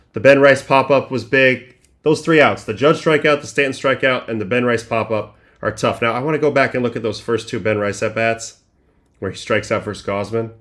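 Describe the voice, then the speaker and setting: Middle-aged man, mid-pitched voice, casual thinking-aloud baseball film breakdown for a livestream. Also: fairly bright tone. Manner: conversational, thinks aloud, many restarts and fillers.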